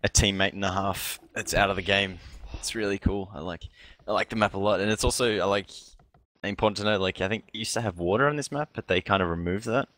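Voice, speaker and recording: A man's voice: lowish voice, fast talker, a bit bright. A man co-casting a live strategy game tournament, joking and enthusiastic. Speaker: co-caster. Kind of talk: casual live commentary.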